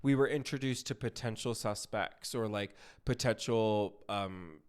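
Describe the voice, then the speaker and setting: A man's voice: fairly low pitch, a little slow, smooth. A man co-hosting a podcast, chatting and giving opinions on reality TV shows. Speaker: podcast co-host. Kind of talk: casual chat.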